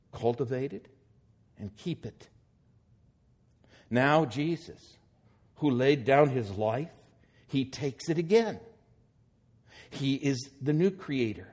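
A man's voice: mid-range voice, darkish tone. A man preaching a sermon, reading scripture aloud and then explaining it with growing emphasis.

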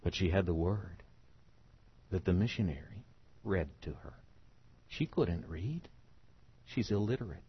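A middle-aged man from the United States preaching a sermon, emphatic, swinging from soft to loud. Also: sits low, expressive, a little slow, long pauses, husky, dull audio.

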